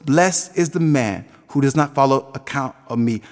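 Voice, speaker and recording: A man's voice: medium pitch, expressive, normal speed, in a large hall. A man in his twenties preaching a sermon with a passionate, sing-song cadence that rises and falls. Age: 20s.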